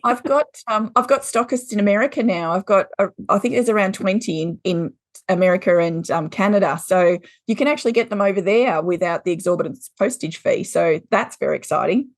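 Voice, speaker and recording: A woman's voice: mid-range voice, brisk, dry recording, clean studio sound. Blunt Australian woman, laughs easily. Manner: blunt, swears freely, laughs often. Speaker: guest, intuitive card deck creator. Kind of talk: casual podcast conversation.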